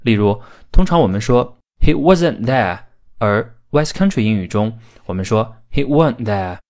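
A male podcast host who explains accents in a steady, instructive way. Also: medium pitch, a little slow. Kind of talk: language lesson podcast.

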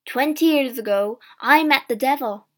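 A sly, toothless old crone of nearly eighty , as a woman reader puts her on, draws out her words slowly with open mockery. Her voice sits a little high. She fears no one in this storybook scene. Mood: mocking. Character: elderly woman, cunning, toothless, unafraid.

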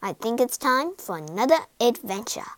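Woman putting on a polite little boy voice, eager, high and bouncy, bright. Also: big pitch swings, moderate pace, no echo. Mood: curious.

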